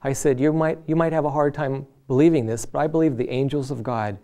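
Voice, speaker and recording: A man's voice: medium pitch, steady tone, a little fast, dark tone. A man sharing a personal faith testimony from the pulpit. He talks in an earnest, conversational way and slips into the voices of the people he quotes. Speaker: lay preacher.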